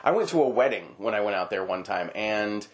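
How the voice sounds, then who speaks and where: A man's voice: fairly low pitch, a little fast. A man hosting an interview podcast, chatting casually and telling jokey stories. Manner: joking, lively storytelling. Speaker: podcast host.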